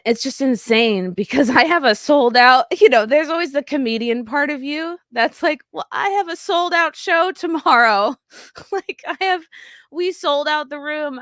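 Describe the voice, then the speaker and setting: A woman comedian telling fans a personal story, halting and emotional, choked up and near tears, swearing and restarting as she goes. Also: fairly high pitch, no room sound, studio quality.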